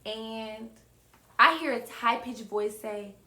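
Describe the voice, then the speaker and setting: A young woman relays a personal story in a lively, chatty way, regularly turning to address her viewers. Her voice sits slightly high for a woman. The recording is roomy, with a faint hiss underneath. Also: slow. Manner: animated, keeps calling out to viewers. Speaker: vlogger telling a story. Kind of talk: casual storytime. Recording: roomy echo.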